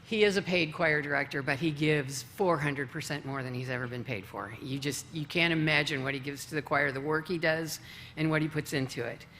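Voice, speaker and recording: A woman's voice: low-pitched, fairly quick, a bit bright, slight background noise. A choir member, a woman, reading a playful, sentimental tribute aloud in a church sanctuary.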